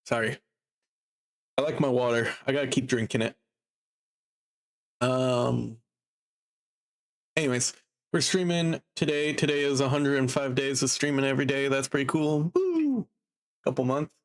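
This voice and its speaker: A man streaming live and chatting casually, drowsy and a bit down, rambling slowly with lots of fillers. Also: mid-range voice, steady tone. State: sleepy and low in mood.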